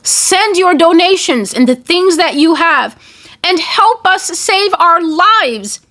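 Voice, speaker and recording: A woman putting on the voice of a desperate man who begs for help in a high, slow, pleading wail. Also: animated, sharp tone, exaggerated voice. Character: whining, begging middle-aged man.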